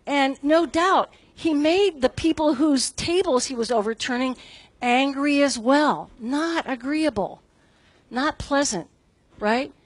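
A middle-aged woman with a slightly higher voice gives a relaxed devotional talk. She is chatty and pokes fun at herself, often tossing in a quick "right?" to her listeners. She is recorded close and dry, with no room sound. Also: slightly rough, no room sound. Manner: conversational and self-deprecating, with many "right?" asides.

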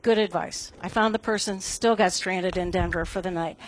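Crowd noise surrounds this middle-aged woman as she gives an informal Bible study devotional in a fairly low, fairly even voice at normal speed. Her tone is conversational and self-deprecating, frequently punctuated by "right?".

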